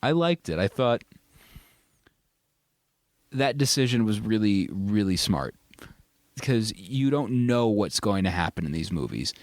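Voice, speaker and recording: Lower-voiced man chatting about movies. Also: expressive, unhurried, pauses often, darkish tone, dry recording. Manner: enthusiastic, rambling, jokey. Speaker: podcast host. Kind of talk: casual movie review chat.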